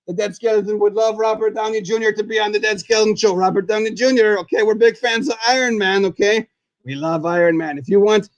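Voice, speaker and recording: A man hosting as a goofy, high-voiced skeleton. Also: dry recording. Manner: rambling, excitable, refers to himself in the third person. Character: goofy skeleton host, male, chatty and silly. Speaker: host. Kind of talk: live puppet talk show.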